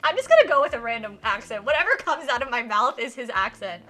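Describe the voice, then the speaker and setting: A young woman streams a game, chatting away and reading its text aloud with frequent giggles. Her voice is high and bright, and she pokes fun at herself as she goes. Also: big pitch swings, fast, soft background music. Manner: giggly, self-deprecating, chatty. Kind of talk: live-stream game playthrough with read-aloud.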